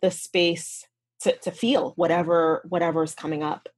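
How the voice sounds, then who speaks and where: A woman whose first language is French, speaking as a podcast guest in an earnest, reflective way with animated emphasis. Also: lowish voice, unhurried, husky. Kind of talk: conversational interview.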